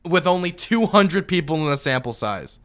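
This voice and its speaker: A man's voice: a little high, big pitch swings, moderate pace, fairly bright tone. A man streaming a reaction to a video, arguing point by point and stacking up objections in loose, filler-heavy talk. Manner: argumentative, rebutting with repeated objections; loose, full of fillers and restarts. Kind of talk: commentary.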